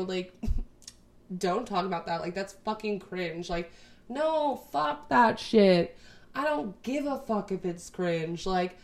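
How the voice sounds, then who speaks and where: A woman's voice: mid-range voice, a little mellow. A woman in her twenties from Texas, chatting casually to her camera in a rambling, sweary way, full of "like". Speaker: vlogger.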